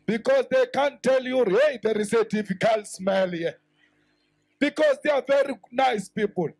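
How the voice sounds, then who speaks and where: A South African politician giving an impassioned rally speech, rising to shouts and mixing in Sotho phrases. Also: male voice, very high voice, no echo, low-quality recording.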